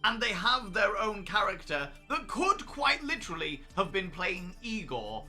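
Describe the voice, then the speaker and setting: Bright, animated man telling stories. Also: sits high, unhurried, soft background music. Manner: animated storyteller, swears freely, bursts into laughter. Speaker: streamer host. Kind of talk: casual livestream chat.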